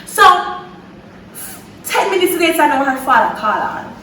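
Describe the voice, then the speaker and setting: A young woman from Jamaica with a Jamaican accent, telling a story in a lively, dramatic way with patois slipping in. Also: high voice, moderate pace, roomy sound, far from the mic, slight background noise, rough recording. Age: young adult. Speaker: vlogger. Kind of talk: storytime chat.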